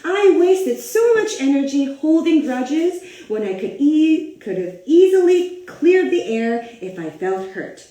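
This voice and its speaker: A woman reading aloud as a grumpy male grape who learns to let go, in a lively storybook way with gasps. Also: high-pitched, slow pace, few pauses, full character voice. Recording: roomy echo.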